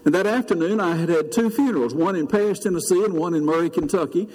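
An older pastor preaches a sermon in a church sanctuary, telling a story earnestly in a fast, darkish voice that rises high as he preaches. The church hall gives it a long reverb.

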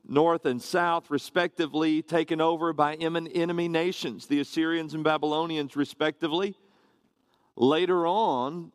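A man's voice: a little high, no room sound, studio quality. Man preaching a conversational sermon. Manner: conversational, explanatory preaching with asides to the congregation. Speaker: pastor. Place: church sanctuary, standing on a carpeted platform.

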